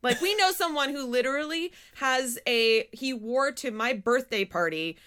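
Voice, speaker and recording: Animated woman in casual chat. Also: high-pitched, normal speed, clear, resonant tone. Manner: animated, swears freely, acts out quoted lines. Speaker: podcast co-host. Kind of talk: casual chat recapping a film.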